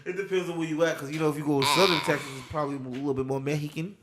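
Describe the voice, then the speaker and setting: A man hosting a casual podcast who makes quick joking asides. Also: fairly high pitch, fairly even intonation, noisy background. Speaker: podcast host. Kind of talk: casual chat.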